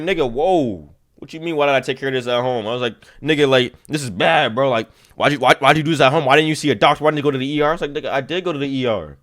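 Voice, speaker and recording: A man's voice: medium pitch, lively intonation, quick pace, few pauses, a bit bright. Rambling young man telling a story. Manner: rambling, slangy, repeats "you see what I'm saying". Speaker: streamer. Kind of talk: casual storytelling to chat.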